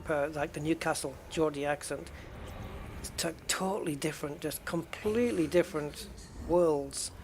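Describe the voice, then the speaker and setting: Here a UK game streamer's voice is a little high and somewhat dark in tone, moving at normal speed. He chats loosely and rambles in answer to viewers, with a little hiss or hum in the recording.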